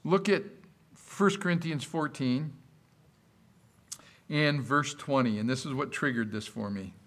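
A pastor preaching a sermon to his congregation, quoting scripture in a lively voice and putting questions to the room. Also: mid-range voice, unhurried. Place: church service.

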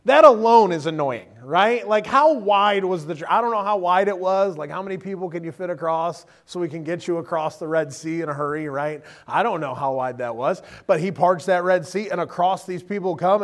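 A man's voice: sits high, normal speed. A middle-aged man preaching a sermon in a conversational, humorous way, often checking in with the listeners. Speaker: pastor.

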